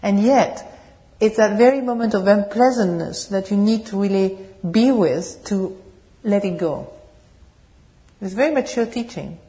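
A woman with a French accent tinged with British English, giving a meditation talk and answering questions in a gentle, searching way. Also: medium pitch, unhurried. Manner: gentle, searching, laughs softly, asks the audience questions. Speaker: meditation teacher. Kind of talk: dharma talk with Q&A. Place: meditation hall.

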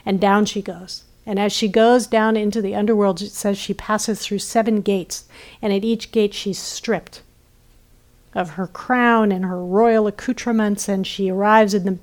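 A woman meditation teacher giving a gentle dharma talk, often checking in with listeners and trailing off softly. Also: medium pitch, fairly even intonation, a little slow. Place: retreat center.

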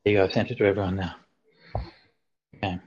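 Male Buddhist monk teacher, casual online Q&A, somewhat husky, muffled call audio. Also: low voice, fast. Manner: relaxed, chatty, with fillers and light humor. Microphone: video call. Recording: dull lo-fi video call audio.

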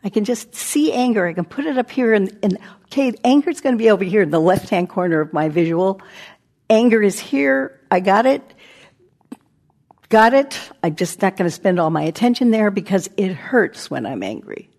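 Female meditation teacher, husky and gravelly, conversational dharma talk. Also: medium pitch, lively intonation, fairly quick, a little mellow. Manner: conversational, acts out inner voices, drops to near-whispers.

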